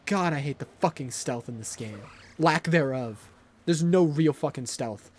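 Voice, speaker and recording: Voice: mid-range voice, expressive, measured pace, a little mellow. A streamer giving casual live commentary on a game, swearing freely, joking with chat and ranting at the game's mechanics.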